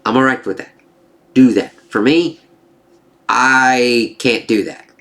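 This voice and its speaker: A man of middling pitch reviews a TV series in a heated, exasperated rant. He swears freely and talks bluntly. Now and then he drops into mocking voices when he quotes the characters. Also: slow, fairly bright tone. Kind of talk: opinionated spoken review rant.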